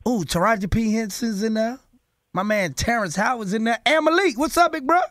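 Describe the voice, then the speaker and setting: A man hosting a morning radio show, joking loudly and hyping up the guests. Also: very high-pitched, a little fast, dry recording, clean studio sound. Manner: loud, joking, hype. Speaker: radio host.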